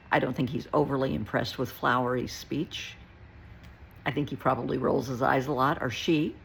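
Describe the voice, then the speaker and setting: Gravelly older woman, folksy advice. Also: a bass voice, a bit bright, poor audio. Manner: folksy, calls listener honey; plain-spoken, reassuring. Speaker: therapist. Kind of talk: casual spiritual advice talk.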